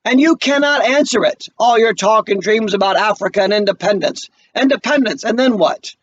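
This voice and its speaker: A man's voice: high-pitched, moderate pace. A man reading aloud as an impassioned, idealistic young woman student, in a heated, raised delivery, on a muffled lo-fi recording. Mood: scornful.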